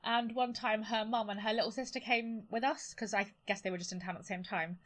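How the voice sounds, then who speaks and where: A woman co-hosting a podcast, chatting casually and laughing often and loudly. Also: medium pitch, steady tone, brisk. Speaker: podcast co-host. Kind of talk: casual chat.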